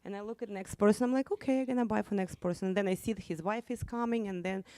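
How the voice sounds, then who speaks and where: A woman speaking non-native English, telling a lively church testimony to a women's group with frequent laughter. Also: medium pitch, very fast, dry recording. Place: church meeting room.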